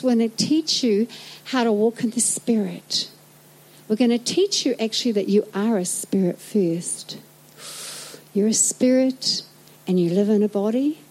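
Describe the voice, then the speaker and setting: A middle-aged woman with a New Zealand accent preaching a sermon in a lively, joking way, acting out little scenes. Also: medium pitch, rough recording. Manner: animated, jokey, acts out little scenes.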